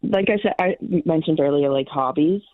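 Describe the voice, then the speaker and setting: An upbeat woman in her thirties chats as a caller to a late-night show. Her voice is low. The call comes through a dry, tinny phone line. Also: moderate pace, no room sound. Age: 30s. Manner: chatty, upbeat.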